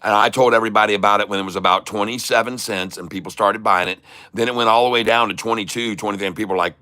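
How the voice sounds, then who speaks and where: Folksy Southern country man, bright tone. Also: fairly low pitch, fairly even intonation, racing. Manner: folksy, chuckling, teasing. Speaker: stock trading streamer. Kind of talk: joking livestream commentary.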